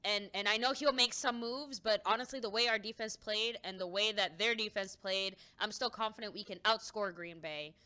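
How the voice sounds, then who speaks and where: Bright, smooth-voiced woman talking football. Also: mid-range voice, normal speed, hardly any pauses. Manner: chatty, thinks aloud, hedges opinions. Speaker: fan show co-host. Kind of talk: casual live-stream sports chat. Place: home live stream.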